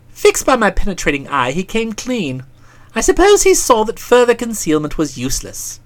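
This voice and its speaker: A woman's voice: medium pitch, big pitch swings, moderate pace. Woman narrating a comic novel. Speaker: audiobook narrator.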